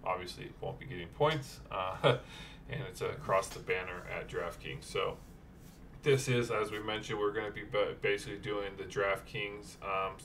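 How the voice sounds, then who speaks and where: A man's voice: lowish voice, fairly even intonation, moderate pace, fairly bright tone, distant mic, a little hiss or hum. A man co-hosting a casual sports betting podcast, rambling with many fillers and restarts. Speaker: podcast co-host.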